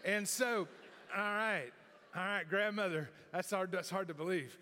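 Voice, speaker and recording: In a church sanctuary full of long hall reverb, a middle-aged male pastor preaches a sermon. His high voice is a little slow, pushed and bright, and his folksy, rambling delivery is full of restarts.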